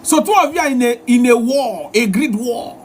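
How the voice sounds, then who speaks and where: Guy with a really high voice lecturing on relationships, hammers the same word over and over. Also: lively intonation, normal speed, a little hiss or hum. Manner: repetitive, emphatic, lecturing. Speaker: relationship advice host. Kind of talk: live-stream advice talk.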